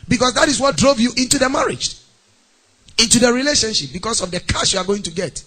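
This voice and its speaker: Man, Ghanaian English accent, pastor, animated sermon, high voice, sing-song delivery. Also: fast. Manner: animated, acts out mock phone calls and scenes.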